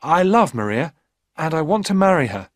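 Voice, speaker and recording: A man's voice: fairly high pitch, sing-song, normal speed, no room sound, studio quality, pitched above the performer's own voice. Man doing an earnest poor young student.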